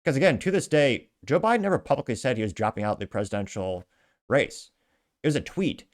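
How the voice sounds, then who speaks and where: A man's voice: medium pitch, lively intonation, fairly quick. A man hosting a casual commentary show, reading viewer comments aloud with a sarcastic edge. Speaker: show host.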